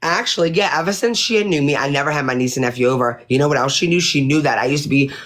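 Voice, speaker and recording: A woman's voice: low voice, very fast, a bit bright. Woman livestreamer; indignant, sweary, rambling rant to her audience. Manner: indignant, profane, rambling with restarts. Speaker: livestreamer addressing viewers.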